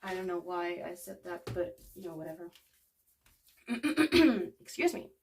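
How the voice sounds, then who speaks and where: A woman's voice: on the low side, big pitch swings, measured pace, recorded from a distance, a little hiss or hum. A woman in her twenties giving a casual tarot reading to viewers, rambling with lots of fillers. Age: 20s. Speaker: tarot card reader.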